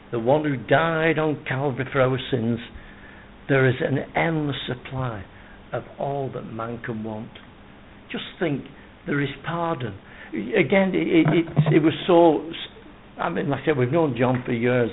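A man's voice: mid-range voice, normal speed. A man preaching a sermon in an earnest, emphatic way, reciting scripture at length and building his points with repeated phrases. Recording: tinny phone-like sound with faint noise.

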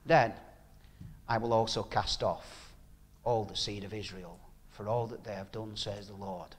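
A man's voice: fairly low pitch, steady tone, unhurried, breathy edge. A man preaching a sermon, reading scripture aloud and then explaining it in plain, casual speech, possibly.

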